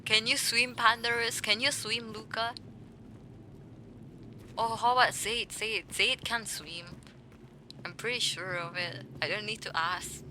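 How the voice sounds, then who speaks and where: A woman's voice: a little high, fairly even intonation, a little slow, pauses often, sharp tone, a little hiss or hum. A woman streaming a game, chatting with viewers in a playful, teasing way. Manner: playful, teasing, talks back to chat. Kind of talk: casual gaming stream chat.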